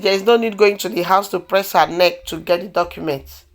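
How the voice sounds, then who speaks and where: A woman with a Nigerian accent chatting through a casual movie recap, telling the story in an animated way with exclamations. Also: lowish voice, a little fast. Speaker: movie reviewer.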